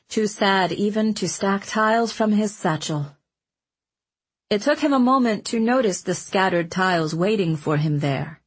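A woman reads a storybook aloud with a slightly husky, breathy voice. Her pitch sits on the low side for a woman, and she tells the story in a gentle, measured way. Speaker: audiobook narrator. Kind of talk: scripted narration.

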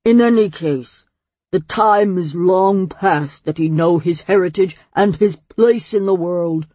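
A woman's voice: on the low side, a little slow, dark tone, no room sound. A woman voicing an ancient male swamp monster who speaks mildly and grandly in a storybook reading. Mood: lecturing. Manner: mild, grandly pompous.

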